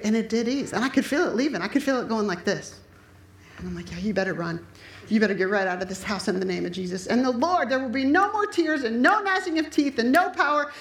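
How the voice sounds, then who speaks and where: Middle-aged woman pastor, emphatic storyteller, recorded in a reverberant church. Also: mid-range voice. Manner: emphatic, storytelling, acts out quoted speech. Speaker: preacher. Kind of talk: sermon with personal testimony. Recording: echoey room.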